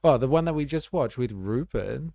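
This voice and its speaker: A man's voice: medium pitch, animated, normal speed, vocal fry, mellow, dry recording, clean studio sound. A man, hosting a casual livestream and chatting bluntly with viewers, swearing freely and peppering his talk with fillers. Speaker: livestream host. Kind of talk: casual livestream chat, reading viewer comments.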